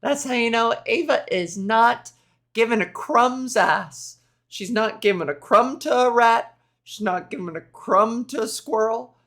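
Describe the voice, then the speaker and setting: A woman hosts her own podcast in a loose solo rant, swearing freely and sliding into sarcasm. She talks at an unhurried pace. Her voice has a lot of vocal fry. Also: a little high, a bit bright. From Canada. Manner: profane, sarcastic, rambling. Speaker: podcast host.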